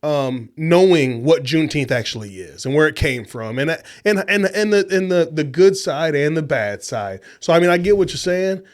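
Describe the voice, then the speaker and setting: A man co-hosting a casual podcast, animated and slangy, swearing freely. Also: fairly high pitch, normal speed, few pauses. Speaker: podcast co-host. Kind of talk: casual drinking chat.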